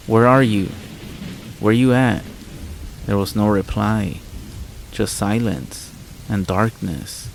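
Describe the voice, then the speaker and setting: A man narrating a first-person horror story in a measured storytelling manner. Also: on the low side, vocal fry, a little mellow, rough recording. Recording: faint rain noise behind voice. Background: rain sounds.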